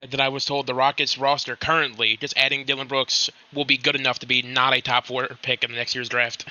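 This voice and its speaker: Male caller, flat and bright, lo-fi voice chat, stumbling delivery. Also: mid-range voice, fairly quick. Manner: stumbling, self-correcting. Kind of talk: casual sports chat. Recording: dull lo-fi voice chat.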